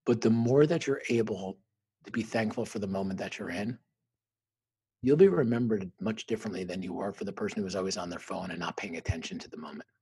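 A middle-aged man speaking as an interview guest, earnest and reflective, telling personal stories and lively when quoting others. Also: lowish voice, quick pace, slightly rough. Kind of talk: conversational interview storytelling.

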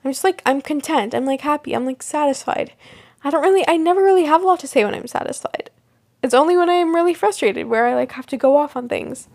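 Young woman, podcast host, high-pitched, gravelly fry, rambling, filler-heavy casual chat. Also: fast talker, darkish tone. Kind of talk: casual solo podcast chat about a TV show.

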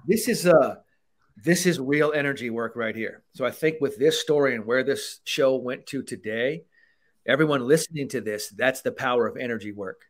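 A man hosting a casual podcast, coaching in an animated way, swearing freely and acting out quoted lines. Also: medium pitch, moderate pace. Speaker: podcast host, mental performance coach.

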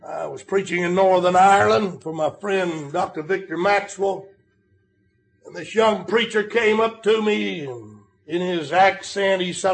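An older man preaching a sermon, telling stories and rising to shouted emphasis on key lines. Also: high voice, unhurried, creaky.

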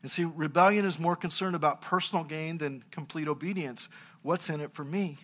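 Middle aged guy preaching, funny story-telling sermon, kinda high bright voice. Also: brisk. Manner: anecdotal, humorous storytelling. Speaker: pastor.

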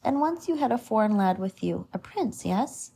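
A woman's voice: on the high side, sing-song, normal speed, gravelly, warm tone, breathy edge, heavily acted. A woman reading aloud and giving light voice to a jovial, chatty man with a long memory. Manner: jovial, rambling. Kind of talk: storybook read-aloud.

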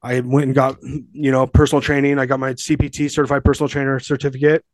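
In this casual storytelling, a Southern California man in his forties who runs a gym talks fast on a podcast in a level, medium-pitched tone. He rambles, swears and speaks emphatically, and there's no echo.

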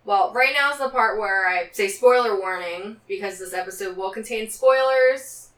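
A woman's voice: medium pitch, normal speed, a bit bright. A woman co-hosting a casual film podcast, reading from notes between banter and laughing often. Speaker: podcast co-host. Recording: roomy, slightly distant mic.

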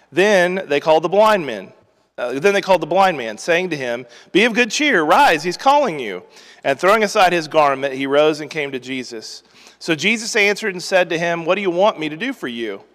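A man hosting a Bible teaching podcast, reading scripture aloud and then explaining it in a relaxed, conversational way. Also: a little high. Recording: long reverberant hall sound.

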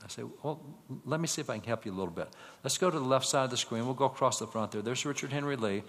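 A man lecturing from slides to a live audience, with an average-pitched voice. He tells stories, throws out rhetorical questions and reels off quick lists of names. His voice rings with the long reverb of a large hall. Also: fairly bright tone. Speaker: public speaker.

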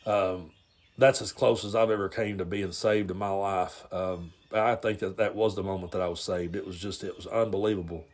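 A man with a low voice and fairly even intonation hosts a podcast, telling a long personal story at normal speed. It's a casual storytelling monologue, delivered bluntly and ramblingly, with frequent stumbles and repeated words.

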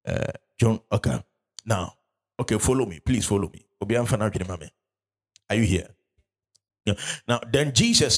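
A man preaching a sermon in a church hall, urging the congregation along and rising loud when he reads scripture. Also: medium pitch, fairly quick, husky.

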